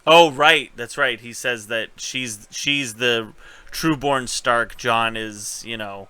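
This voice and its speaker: A man talks through a recap in loose, casual chat, with a very bright, crisp and clean voice. He swears freely and paraphrases scenes on the fly, trailing off with fillers as he goes. The feel is relaxed and conversational. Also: mid-range voice, slow pace. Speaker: podcast host.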